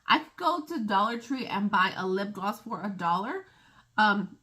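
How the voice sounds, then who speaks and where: A woman's voice: mid-range voice, big pitch swings, normal speed, sharp tone. A woman beauty vlogger chatting casually to camera, rambling and laughing at her own stumbles.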